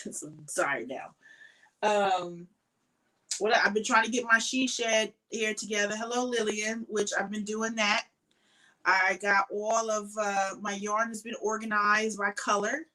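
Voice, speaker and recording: A woman's voice: medium pitch, steady tone, measured pace, bright, forceful tone, low-quality recording. A woman hosting a casual crochet livestream from her home craft shed, chatting to viewers by name, tired and sleepy, with frequent ums.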